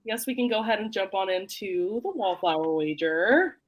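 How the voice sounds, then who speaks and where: A woman's voice: mid-range voice, expressive, normal speed. A woman hosting a casual book club chat, laughing often as she talks. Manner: laughs often, Southern "y'all".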